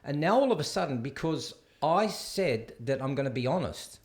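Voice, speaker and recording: A man's voice: on the high side, sing-song, moderate pace. A man who works as a de-escalation coach, a guest in a casual discussion, telling anecdotes and asking probing questions. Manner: conversational, tells anecdotes and asks probing questions.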